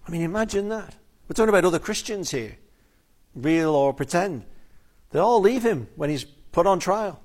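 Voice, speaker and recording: An earnest male preacher delivers a sermon with a slightly raised pitch. He leans hard on key phrases, drawing them out slowly, and now and then repeats a word as he presses his point. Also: animated. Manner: earnest, emphatic, with slow drawn-out stresses and repeated words. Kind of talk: expository sermon.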